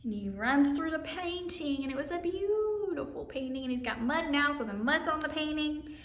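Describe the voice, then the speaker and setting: Teaching kids simple signs and reading them a story, a woman keeps things cheerful and sing-song, calling the children her friends. Her high voice is a bit bright, with lively intonation at normal speed. A distant mic picks up roomy echo and faint background noise.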